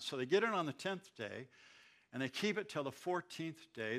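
Bright-voiced preacher telling a Bible story. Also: male voice, fairly high pitch, normal speed. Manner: animated, storytelling with frequent repeats; reads scripture aloud then explains it. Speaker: pastor. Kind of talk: sermon.

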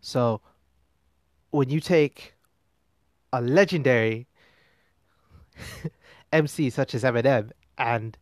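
A man's voice: medium pitch, no room sound, clean studio sound. A man hosting a music commentary show, talking casually and rambling with fillers and restarts. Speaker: podcast host.

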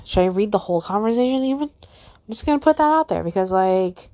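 Her medium-pitched voice is expressive, brisk and mellow, recorded without echo. She's a young woman alone on her podcast, upset and close to crying, letting out frequent heavy sighs as she vents.

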